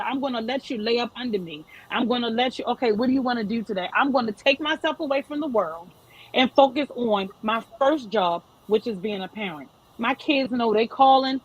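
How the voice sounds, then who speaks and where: A woman's voice: on the high side, slightly rough, rough recording. A woman in her thirties speaking as a panel guest, giving earnest, emphatic advice to parents. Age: 30s. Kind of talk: panel discussion.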